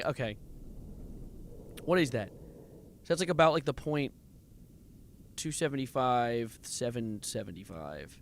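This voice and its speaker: A man's voice: medium pitch, expressive, unhurried, long pauses, slight background noise. A man streaming a game live, nervously muttering coordinates, reading chat and breaking into sudden exclamations. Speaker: livestreamer playing a game.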